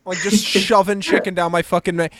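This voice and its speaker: A young man co-hosting a comedy podcast, excitable and crude, peppering his talk with "dude". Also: high-pitched, a little fast, noisy background. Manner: excitable, swears a lot, says "dude" often. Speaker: podcast co-host. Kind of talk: casual comedic banter.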